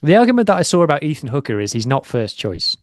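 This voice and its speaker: A man's voice: a little high, very animated, quick pace, dry recording, clean studio sound. A man co-hosting a rugby podcast, chatting casually in a chatty, self-deprecating manner. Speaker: podcast co-host. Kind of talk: casual chat.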